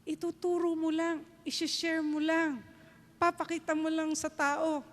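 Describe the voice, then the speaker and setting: A woman's voice: very high-pitched, flat delivery, normal speed. A woman with a Filipino accent giving an emphatic motivational speech on stage, switching between Tagalog and English. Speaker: network marketing leader giving a keynote. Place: large event hall, on stage. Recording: long reverb of a large event hall.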